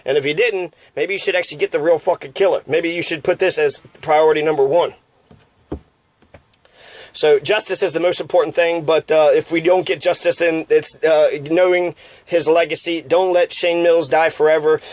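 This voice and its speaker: A man's voice: fairly high pitch, steady tone, moderate pace, a little mellow, no echo. A man delivering an angry, profane monologue into a close microphone, ranting and repeating himself. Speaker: online commentator.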